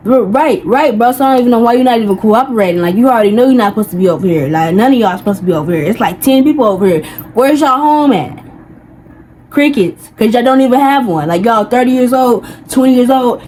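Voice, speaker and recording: A woman's voice: fairly high pitch, darkish tone, a little hiss or hum, poor audio. A young woman telling a personal story in a heated, venting way, full of slang and rambling asides. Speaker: vlogger. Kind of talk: casual storytime rant.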